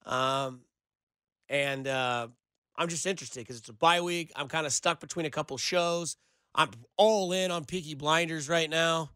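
This male radio producer and host runs a sports talk show, his voice bright, forceful, smooth, and a touch high for a man. Moving at a moderate pace, he drifts from point to point, filling gaps with filler words. The studio mic sounds close and dry, free of echo.

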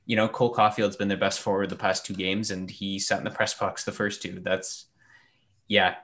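A man's voice: low voice, flat delivery, normal speed, fairly bright tone. A man giving blunt, emphatic opinions on a casual sports discussion panel, with frequent fillers. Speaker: hockey podcast panelist.

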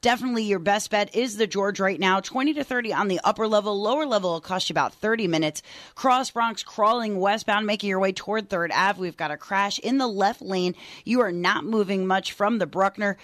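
A woman giving a brisk, matter-of-fact traffic and weather report on the radio. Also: medium pitch, fairly bright tone, no echo, clean studio sound. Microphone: studio mic.

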